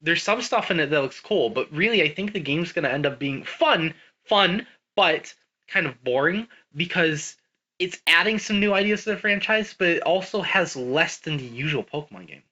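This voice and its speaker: Male podcast co-host, bright and animated, casual gaming chat on a dull low-fi mic. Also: normal speed.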